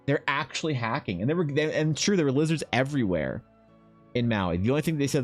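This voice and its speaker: A man's voice: medium pitch, lively intonation, quick pace, faint music behind. A young Canadian man chatting casually on a live stream, joking and swearing as he reads out and answers chat questions. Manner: profane, joking, reading chat aloud. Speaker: streamer and artist.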